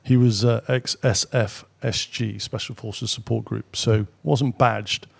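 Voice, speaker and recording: A middle-aged British man, a guest on an interview show, telling anecdotes casually with quick asides and the odd swear. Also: mid-range voice, fairly even intonation, vocal fry, slightly rough. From Britain. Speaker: guest, former military pilot. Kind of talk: casual storytelling.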